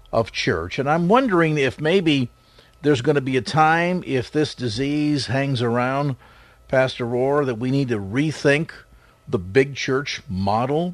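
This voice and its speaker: A man's voice: mid-range voice, no room sound. Earnest male radio talk host. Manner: measured, earnest questioning. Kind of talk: radio talk show interview.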